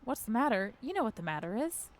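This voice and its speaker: A woman reading a game's lines as a gruff, overprotective father, firm and flat. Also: on the high side, fast talker.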